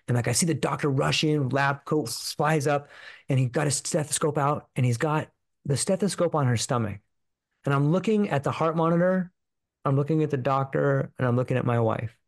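A man's voice: mid-range voice, dry recording. A man, a podcast guest, earnestly telling a personal story, swearing freely and repeating himself. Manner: earnest, profane, repetitive, full of fillers.

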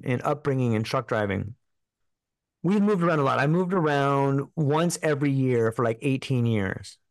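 Man, podcast guest, earnest rambling storytelling, lots of fillers, slightly high pitch, dry close sound. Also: no echo. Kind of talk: personal storytelling in an interview.

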